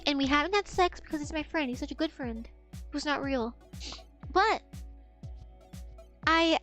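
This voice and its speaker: A woman in her twenties talks to her stream chat in a loose, rambling way, swearing freely and laughing as she drifts off track. Her voice sits high. Faint music plays underneath. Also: a bit bright. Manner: rambling, profane, loses her train of thought; laughs often.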